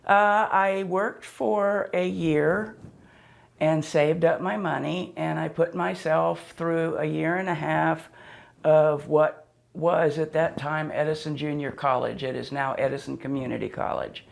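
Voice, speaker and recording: Unhurried and gravelly, this deep female voice keeps a fairly even intonation. She's in her seventies, Pennsylvania-born and southwest Florida-raised, and as an interview guest she tells wry, joking stories casually, rambling and restarting as she goes.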